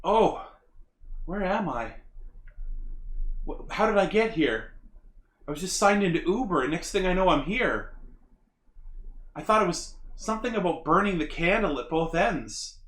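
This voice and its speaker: A man's voice: high-pitched, expressive, unhurried, long pauses, fairly bright tone, pitched above the performer's own voice. Guy playing a confused driver dude, dazed and lost, echoey room. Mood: bewildered. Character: confused hypnotized rideshare driver, man. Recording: roomy echo.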